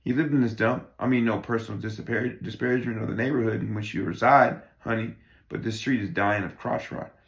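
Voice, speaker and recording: A man's voice: lowish voice, steady tone, a little fast, lightly acted. A man cold-reading a play, playing a crude, belligerent working-class man who rambles and swears constantly. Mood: scornful. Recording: roomy echo.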